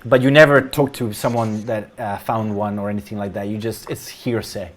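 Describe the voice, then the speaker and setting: A man narrating as game master of a tabletop role-playing game, explaining in an unhurried way. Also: fairly low pitch, flat delivery.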